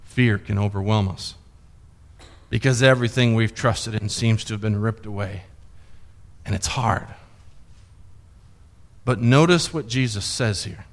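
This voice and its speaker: A man preaching a sermon, dramatically voicing a grieving father's imagined thoughts and swinging between pleading and hushed tones. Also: lowish voice, measured pace, pauses often. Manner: dramatic, voices imagined inner thoughts with rising intensity. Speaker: pastor.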